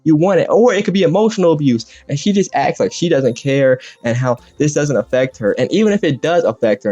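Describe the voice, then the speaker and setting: A man's voice: medium pitch, dark tone, dry recording. A young man in a crude, exaggerated comedic rant, swearing often and jumping between voices. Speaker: content creator. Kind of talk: comedic rant over gameplay. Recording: dull lo-fi mic with faint music. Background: faint background music.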